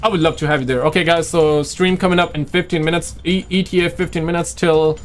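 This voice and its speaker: A man hosting a casual live stream, rambling excitedly and chatting with viewers while saying he is losing his voice. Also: on the high side, fast talker, faint music behind. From Quebec, Canada. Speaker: livestream host.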